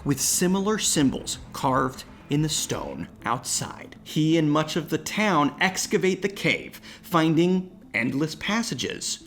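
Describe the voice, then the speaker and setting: A young man hosting and telling a campfire ghost story, dramatic, dropping to hushed whispers and jumping to excited outbursts. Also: a little high, takes it slowly, hardly any pauses, faint music behind. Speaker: host and storyteller.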